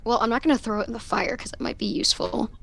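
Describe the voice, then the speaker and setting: A woman's voice: on the high side, racing, gravelly, a bit bright, slight background noise. A woman playing a tabletop game, casually describing her character's actions with many filler words. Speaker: player.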